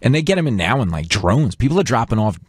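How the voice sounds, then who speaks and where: A male comedian guest on a radio talk show, riffing animatedly with quick jokes and asides. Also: medium pitch, big pitch swings, husky, no room sound, studio quality. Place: radio studio.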